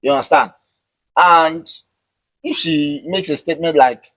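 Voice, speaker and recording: A man's voice: on the high side, unhurried, a bit bright, dry recording, poor audio. A man being interviewed with his wife, explaining at length in casual chat, often repeating words and asking "you understand?". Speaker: interviewed husband.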